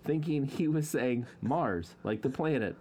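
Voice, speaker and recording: A man's voice: mid-range voice, animated, measured pace, mellow, slight background noise. A man co-hosting a sports podcast, telling a story in casual chat and laughing often. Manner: laughs often, tells stories. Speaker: podcast co-host.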